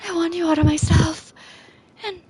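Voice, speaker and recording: A woman's voice: very high-pitched, fairly even intonation, moderate pace, darkish tone, faint music behind, pitched above the performer's own voice. A woman voicing an obsessive lovestruck schoolgirl from a game, reading the lines fervently and pleadingly. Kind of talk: reading game dialogue aloud.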